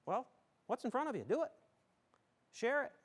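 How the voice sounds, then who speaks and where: A middle-aged man from western New York speaks in a rather high voice. He gives a folksy talk to a community audience, joking and emphatic as he makes his points. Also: big pitch swings, moderate pace. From southern tier of western New York. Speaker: school superintendent.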